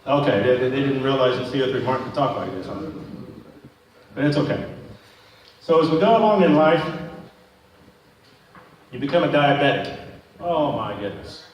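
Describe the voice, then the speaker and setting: A man's voice: medium pitch, animated, moderate pace, pauses often. A male stand-up comedian telling crude, self-mocking stories to a small club audience. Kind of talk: stand-up set. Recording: echoey room, distant mic, faint noise.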